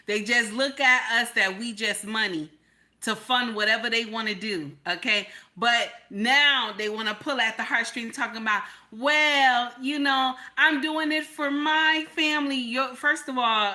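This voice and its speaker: Lady ranting on her channel, high bright voice, keeps repeating stuff, asks lots of questions. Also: normal speed. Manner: repetitive, exclaiming, rhetorical questions. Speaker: commentary vlogger. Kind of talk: casual reaction commentary.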